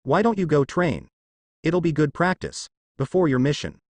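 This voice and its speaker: A man's voice: fairly high pitch, sing-song, normal speed, darkish tone, no room sound. A man reading the lines of a fox spirit in a fan story, giving matter-of-fact advice in a dry, close-miked sound. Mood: dry, helpful. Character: huge fox spirit, male, dry and knowing.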